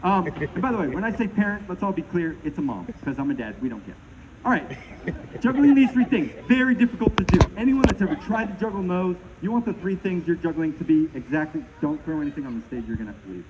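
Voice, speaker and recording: Outdoors by a pond, a middle-aged juggler from Maine, USA, puts on a live comedy show, joking and bantering with the crowd. His voice sits fairly high, talks fast and swings widely in pitch. The recording is muffled, with loud background noise.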